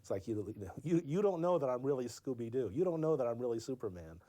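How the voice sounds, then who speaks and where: Mellow man musing in an interview. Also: medium pitch, lively intonation, fast. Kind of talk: casual interview talk.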